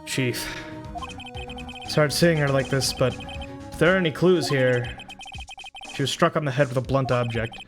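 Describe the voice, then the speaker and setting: A man's voice: medium pitch, moderate pace. A man streaming a video game, reading its text aloud and dropping crude asides. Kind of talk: live gameplay reading and commentary. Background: game music.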